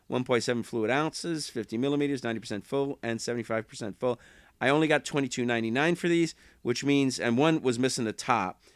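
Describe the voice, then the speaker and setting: A man's voice: on the low side, clear, resonant tone, no echo, clean studio sound. A man casually rambling to camera about things he sold online, correcting himself and chuckling as he goes. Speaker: eBay reseller vlogger.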